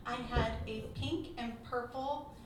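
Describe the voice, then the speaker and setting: A woman teaching a Bible study, telling personal stories in a lively, laughing way. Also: fairly high pitch, slow pace. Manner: lively storytelling, laughing through anecdotes. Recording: echoey room from far off, noisy.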